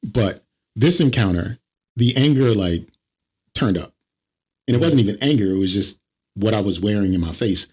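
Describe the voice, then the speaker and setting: A man co-hosting a comedy podcast, telling stories in an animated way and mimicking the people in them. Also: on the low side, moderate pace, long pauses, husky. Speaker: podcast co-host. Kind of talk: casual comedic chat.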